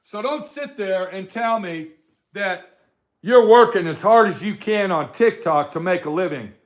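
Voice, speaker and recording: A man's voice: high-pitched, unhurried. An older man ranting profanely to live-stream viewers from his workshop, answering their comments combatively. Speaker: livestream host. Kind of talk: angry live-stream rant.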